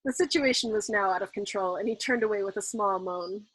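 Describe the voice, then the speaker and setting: A woman reading a novel aloud at a steady, measured pace as a storyteller. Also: medium pitch, husky, no echo, low-quality recording.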